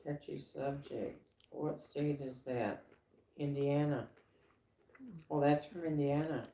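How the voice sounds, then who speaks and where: A woman co-hosting a casual livestream chat, rambling with halting restarts and fillers. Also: sits low, fairly even intonation, dark tone. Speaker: livestream co-host. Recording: echoey room.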